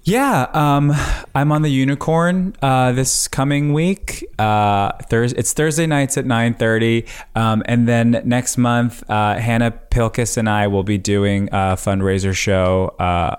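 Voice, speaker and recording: A man's voice: medium pitch, fairly even intonation, unhurried, few pauses, smooth. A male comedian guesting on a podcast, hesitant with many fillers. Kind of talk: casual podcast chat.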